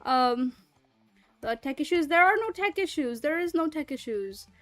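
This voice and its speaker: A woman's voice: sits high, expressive, normal speed, no echo. A woman streamer in casual livestream chat, rambling and chatty and swearing freely.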